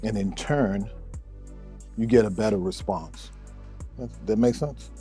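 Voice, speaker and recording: A male therapist giving relationship advice in a measured way, often repeating words as he thinks. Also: fairly low pitch, mellow, faint music behind. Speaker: therapist answering a listener question. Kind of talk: advice talk to camera.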